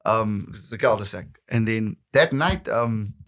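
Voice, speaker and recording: A man's voice: fairly low pitch, unhurried. A man in his thirties with a Cape Town South African accent, a comedian telling stories on a podcast and acting out the voices of the people in them. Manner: animated storyteller acting out voices, bursts of laughter and shouts. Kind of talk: casual storytelling conversation.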